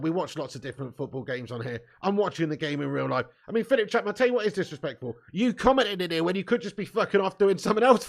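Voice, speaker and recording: An English man hosts a live football watch-along channel, chatting with viewers in a high-pitched voice with vocal fry. He jokes, swears, laughs, and breaks into sudden loud outbursts.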